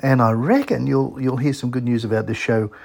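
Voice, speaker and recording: A man's voice: medium pitch, a little fast, gravelly, a little mellow. A middle-aged Australian man hosting a radio show, chatting in a rambling, friendly way with plenty of fillers. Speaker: radio host. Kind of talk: casual radio chat.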